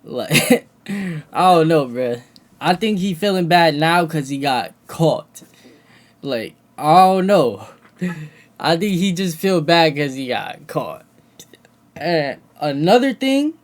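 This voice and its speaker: Slangy streamer man with lively pitch. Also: takes it slowly. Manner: slangy, says "bro" often, thinks aloud with laughs. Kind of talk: casual live reaction commentary.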